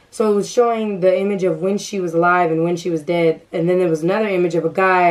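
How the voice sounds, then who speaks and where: A woman's voice: lowish voice, darkish tone, low-quality recording. A young woman vlogger telling a story to camera, casual and nervous, stuttering and restarting often. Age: young adult.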